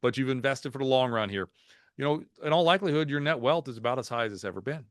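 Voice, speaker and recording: A man's voice: medium pitch, quick pace, no room sound. Man, market presenter, video call, folksy, joking, dry sound. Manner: lively, folksy, jokes and anecdotes. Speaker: market strategist guest speaker. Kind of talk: webinar presentation.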